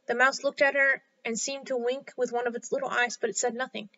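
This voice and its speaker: Bright, high-voiced woman reading a children's story. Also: level tone, fairly quick. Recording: slightly dull lo-fi sound.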